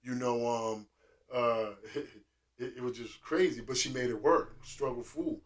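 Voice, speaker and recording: A man's voice: medium pitch, steady tone, unhurried, recorded from a distance. A man telling stories casually and with animation, full of slang and restarts. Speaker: restaurant owner and vlogger. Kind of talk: casual storytelling monologue.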